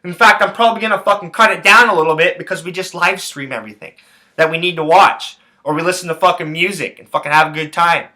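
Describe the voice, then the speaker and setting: A man on his own sports podcast rants with fury, swearing constantly and hammering the same phrases over and over. His voice sits a bit high for a man and comes out bright and tense. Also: quick pace. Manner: angry, heavy swearing, repeats phrases. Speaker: podcast host. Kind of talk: profane sports rant.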